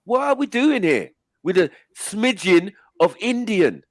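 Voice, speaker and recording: A man hosts a loose panel chat, ranting in an exasperated, animated way with the odd swear. His voice sits a little high. The sound is close and dry. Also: a little slow, no room sound. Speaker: stream host.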